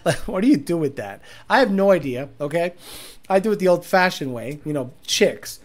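A man's voice: fairly high pitch, animated, normal speed. Man streamer, casual chat, crude and rambling, stalls on repeated words. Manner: crude, rambling, laughs often.

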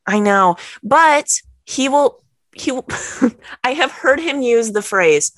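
A woman's voice: on the high side, takes it slowly, no room sound. A woman co-hosting a podcast, pushing back skeptically with frequent laughter in casual banter. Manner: lively, laughing, skeptical pushback. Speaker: podcast co-host.

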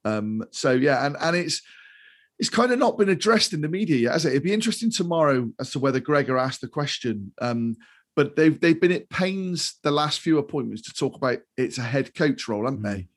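Earnest football pundit. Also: male voice, fairly high pitch, very animated, brisk. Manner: earnest, repeats words when starting. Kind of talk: casual football chat.

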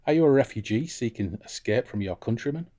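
A man's voice: mid-range voice, animated, a little fast, dark tone, lightly acted. A man reading a hesitant, faint-voiced nobleman.

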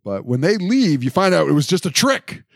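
A man's voice: fairly high pitch, very animated, moderate pace, gravelly, no echo, clean studio sound. A man co-hosting a casual chat, steadily recapping events with occasional fillers. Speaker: podcast co-host.

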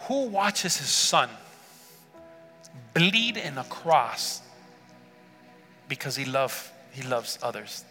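Bright-voiced preacher in an echoing hall. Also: male voice, medium pitch, sing-song, slow, pauses often, faint music behind. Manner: earnest, asks the congregation rhetorical questions. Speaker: pastor. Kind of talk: sermon. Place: church sanctuary.

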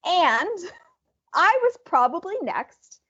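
A woman co-hosting a podcast, telling a story in an animated way and laughing now and then. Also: very high-pitched, takes it slowly, muffled recording. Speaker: podcast co-host. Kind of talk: casual storytelling chat.

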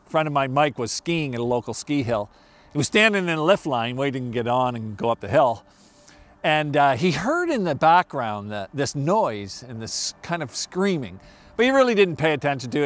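A man preaching a sermon as a pastor, telling a story with emphatic, animated delivery. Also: fairly high pitch.

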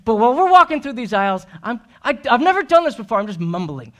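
A man's voice: very high-pitched, sing-song, fast talker, hardly any pauses, bright, forceful tone. A male pastor preaching a sermon in a church, earnest and self-deprecating, ending in prayer. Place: church sanctuary.

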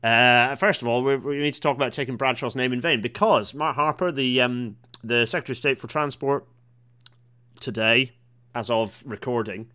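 A man's voice: medium pitch, bright, forceful tone. A man hosting a casual rail chat stream, rambling and waffling with lots of fillers and restarts. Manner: waffling, self-interrupting, with many fillers and restarts.

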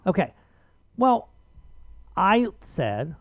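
A man hosting a radio talk show, telling an argumentative story in casual chat with animated emphasis. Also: high-pitched, normal speed, no echo.

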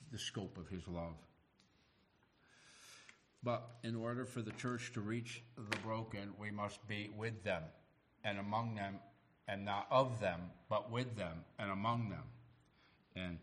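A middle-aged man delivers a sermon in a fairly low voice. He preaches with animation and acts out the people he quotes. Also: slight background noise. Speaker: pastor.

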